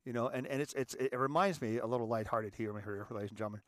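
A man's voice: medium pitch, fast talker, no echo. Emphatic male host, dry close sound. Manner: emphatic, repeats words, addresses audience as ladies and gentlemen. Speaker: show host. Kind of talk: monologue to viewers.

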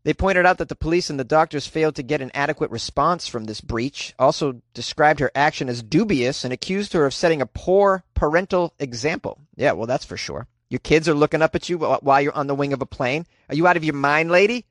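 Male host, slightly high voice, sarcastic comedic news riffs, dry close-mic sound. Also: a little fast, hardly any pauses, no echo. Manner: animated, sarcastic, laughs often, jumps to high squeaky voice for quips.

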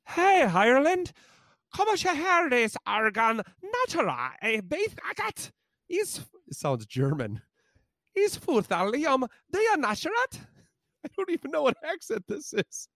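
A man putting on a high, hammy voice to read a comic ad in garbled Irish Gaelic. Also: slow, long pauses, darkish tone, no room sound, studio quality.

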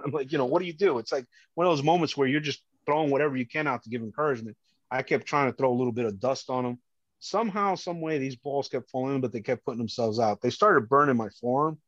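A man, a former police officer and podcast guest, earnestly recounts a harrowing personal story, often halting and restarting. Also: mid-range voice, no echo. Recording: dull lo-fi dry sound.

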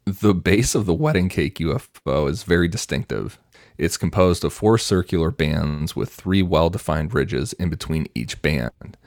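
A man with a very low voice walks his co-hosts through researched notes. He reads evenly and matter-of-factly. The recording is dry and close. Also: moderate pace, no room sound. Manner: reads prepared notes in an even, matter-of-fact way. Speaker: podcast co-host presenting research. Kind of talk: casual podcast, presenting notes.

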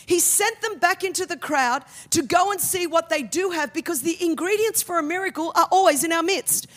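A middle-aged woman preaching a sermon with humor, building to loud, emphatic peaks. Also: very high-pitched, a little fast, few pauses.

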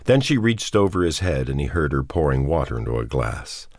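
Man reading a novel aloud, super deep voice, husky, slow and somber. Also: very animated, darkish tone, no echo, clean studio sound. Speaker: audiobook narrator. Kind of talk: scripted narration.

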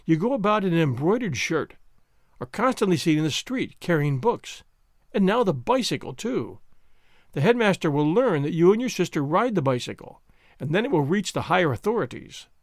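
A fussy, timid schoolmaster frets and pleads in a raised, anxious voice, as a man reading the story puts him on. His voice swings widely in pitch. The recording is close and dry. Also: big pitch swings, moderate pace, no room sound. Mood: fretful. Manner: fretful, pleading, higher pitch.

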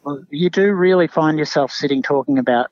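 A man's voice: fairly high pitch, brisk, darkish tone, no echo. A man hosting a podcast, chatting casually and hesitantly with many restarts. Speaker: podcast host. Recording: dull dry lo-fi sound.

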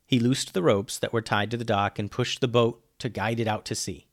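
A man narrating a children's adventure tale in an average-pitched voice. He reads with lively energy, sinking quieter and lower on each "he said". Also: moderate pace, no room sound, studio quality. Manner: lively, dropping low and quiet on narration tags. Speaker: storyteller. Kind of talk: reading a children's adventure story aloud.

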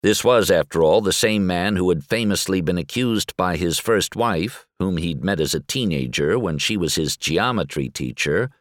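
A man narrating a magazine article in a measured, articulate reading voice. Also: deep voice, lively intonation, no room sound, clean studio sound.

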